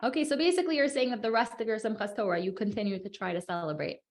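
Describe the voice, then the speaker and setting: A woman's voice: mid-range voice, rapid-fire. Playful woman teacher on a video call. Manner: playful, encouraging, chatty. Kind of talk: casual group chat with children.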